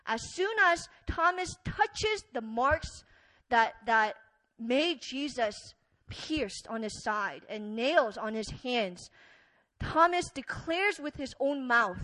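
Woman preacher, conversational sermon, earnest storyteller, unhurried, bright tone. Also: on the high side, lively intonation, poor audio. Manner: earnest, storytelling, filler-heavy with wide swings in loudness.

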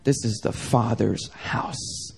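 A young man preaching a sermon as pastor, talking casually, climbing to emphatic peaks and dropping soft and low. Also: huge pitch swings, slow, creaky, husky.

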